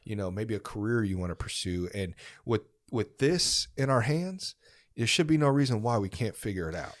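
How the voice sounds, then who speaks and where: Man, young adult, deep pitch, casual podcast talk, earnest, encouraging. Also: expressive, normal speed. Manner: earnest, encouraging, many fillers and restarts. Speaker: podcast host.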